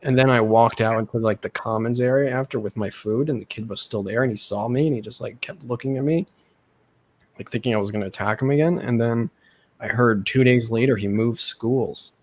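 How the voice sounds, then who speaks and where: In a fairly quick, medium-pitched voice, a young man hosts a casual storytelling chat among friends. He's lively, acting out quoted people with a raised voice.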